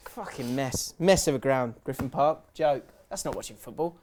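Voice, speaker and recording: A young man, co-hosting a casual football podcast, telling stories with quick sweary asides. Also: medium pitch, a little hiss or hum. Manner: animated storytelling, laughs, quick sweary asides. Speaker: podcast co-host.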